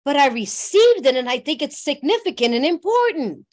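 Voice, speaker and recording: A woman's voice: sits high, big pitch swings, normal speed. A middle-aged woman from New York sharing a personal recovery story in a heartfelt, conversational way, often checking in with her listeners. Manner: heartfelt, conversational, often asks "you know what I mean". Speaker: workshop speaker.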